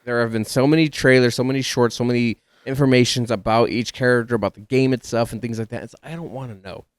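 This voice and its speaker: A man's voice: medium pitch, steady tone, quick pace, clear, resonant tone, dry recording. A man from Texas with a Texas accent, co-hosting a casual podcast and talking animatedly, often tripping over his words. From Dallas, Texas. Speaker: podcast co-host. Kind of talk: casual chat.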